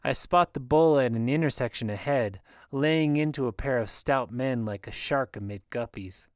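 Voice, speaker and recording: A man narrating a first-person fantasy audiobook in a steady, measured reading, recorded close on a studio mic. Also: medium pitch, dry recording.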